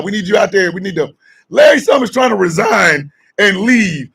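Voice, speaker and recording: Man, radio show host, high raspy voice, loud mocking comedic rant, a bit off-mic. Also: moderate pace. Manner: shouting, mocking, excitable riffing.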